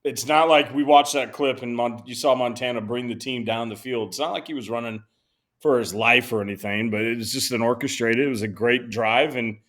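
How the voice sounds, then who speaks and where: Relaxed man hosting a sports podcast. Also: medium pitch, brisk. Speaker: podcast host. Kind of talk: casual sports chat.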